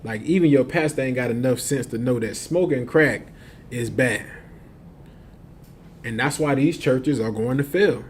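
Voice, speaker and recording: A man's voice: medium pitch, a little slow, long pauses, slight background noise. A man telling a long street story in casual slang, laughing often and acting out the other voices.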